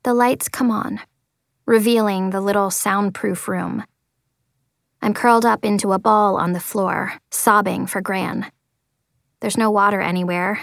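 A woman narrating a first-person story as an audiobook, expressive, slowing and softening at tense moments. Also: medium pitch, vocal fry, no room sound, clean studio sound. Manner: expressive, slows for tense moments, drops to quiet tones.

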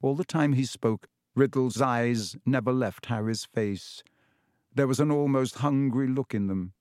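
Male audiobook narrator, measured and even, dry studio sound. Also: medium pitch, no echo. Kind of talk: audiobook reading.

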